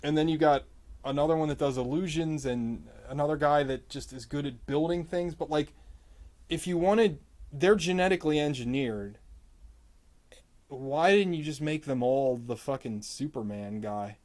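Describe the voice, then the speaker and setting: A man vlogging while he draws, ranting casually about a movie in a rambling, profane way, his voice jumping up in pitch when he gets exasperated. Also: normal speed, a little mellow. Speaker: artist vlogger. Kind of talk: casual rant while drawing.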